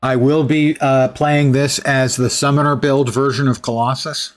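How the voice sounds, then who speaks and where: A man's voice: medium pitch, level tone, moderate pace. A man streaming a game, thinking aloud in a casual, musing way. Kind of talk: casual gameplay commentary.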